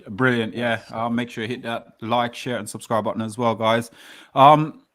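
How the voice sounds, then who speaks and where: A man's voice: mid-range voice, steady tone, normal speed, fairly bright tone, dry recording. A man hosting a casual panel chat, enthusiastic and rambling. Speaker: panel host.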